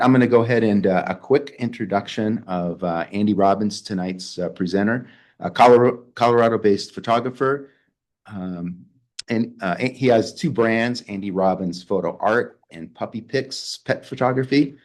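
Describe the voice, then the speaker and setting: A low-pitched man opens a club meeting with a casual introduction. He talks haltingly and reads from his own handwritten notes. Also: a little mellow. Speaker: photo club host introducing a speaker.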